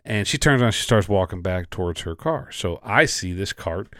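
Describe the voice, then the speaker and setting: A man's voice: low-pitched, normal speed, dry recording. Profane storytelling man, dry close sound. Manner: profane storytelling, animated when quoting. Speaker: podcast co-host. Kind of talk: casual chat.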